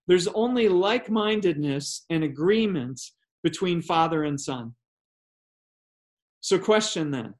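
A male pastor with a notably high voice delivers an earnest sermon. He poses rhetorical questions and often doubles a word as he restarts a sentence.

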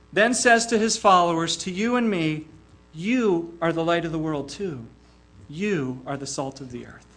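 A man's voice: high-pitched, a bit bright. An older man preaching a sermon in an earnest way, often repeating a small word as he starts a phrase.

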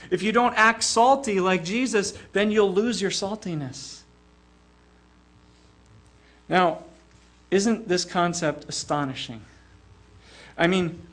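A man's voice: sits high, a bit bright. An older man preaching a sermon in an earnest way, often repeating a small word as he starts a phrase.

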